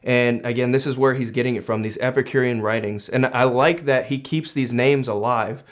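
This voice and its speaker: A man's voice: mid-range voice, moderate pace. Casual man reflecting on a book. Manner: reads a passage aloud, then muses on it conversationally with fillers. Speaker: book commentator. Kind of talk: casual reading and commentary.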